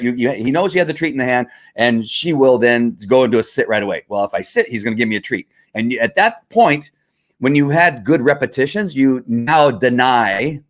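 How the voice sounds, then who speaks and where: A man's voice: medium pitch, animated, normal speed. A man hosting a live stream, explaining dog training in a conversational, repetitive teaching manner with fillers. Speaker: livestream host and dog trainer.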